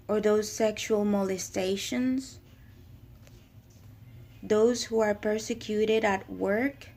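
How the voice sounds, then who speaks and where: Woman, personal reflection, hesitant, flat monotone, slow delivery. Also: mid-range voice. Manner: halting, hesitant, searching for words. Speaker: speaker sharing her own writings. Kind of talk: personal spoken reflection on faith.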